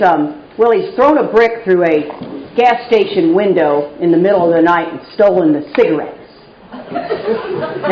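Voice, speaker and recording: A middle-aged woman from Texas speaks at a recovery meeting, telling her personal story candidly and wryly while poking fun at herself. Her medium-pitched voice is caught on a roomy, dull live recording with background noise.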